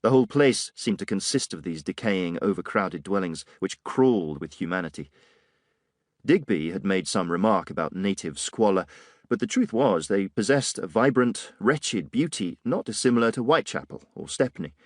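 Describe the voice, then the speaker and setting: A man's voice: low voice, animated, normal speed, no echo. A man narrating an audiobook in the first person, with a dry, wry telling. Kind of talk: scripted narration.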